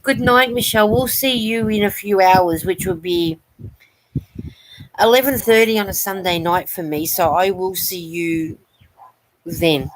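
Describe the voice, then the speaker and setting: A woman's voice: medium pitch, measured pace, low-quality recording. A woman hosting a knitting livestream, casually reading out chat comments, giggly and playful with how words are said.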